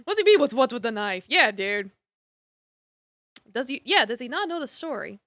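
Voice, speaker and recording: A woman's voice: fairly high pitch, very animated, moderate pace, fairly bright tone, no room sound. A woman streamer reading a game aloud and talking to her chat, teasing and sarcastic. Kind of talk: game playthrough reading and commentary.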